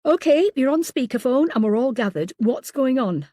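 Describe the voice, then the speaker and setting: A woman reading the lines of a sharp, anxious female team leader in an audiobook. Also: high-pitched, expressive, moderate pace, no echo, clean studio sound, voice pushed up. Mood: impatient. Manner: impatient, emotional.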